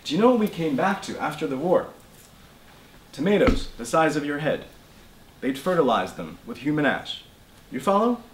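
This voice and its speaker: A man's voice: fairly high pitch, big pitch swings, normal speed, pauses often, voice pushed up. A man reading the part of a stubborn old immigrant grandfather who talks in clipped, emphatic English. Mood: indignant. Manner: emphatic, insistent, raised and louder voice. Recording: roomy bookshop with faint noise.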